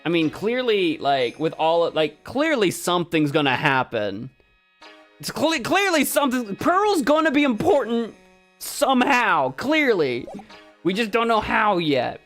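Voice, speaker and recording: A woman's voice: mid-range voice, big pitch swings, a little slow, faint music behind. A woman giving casual, self-mocking commentary while playing a game, chatty and laughing often. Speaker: let's play streamer.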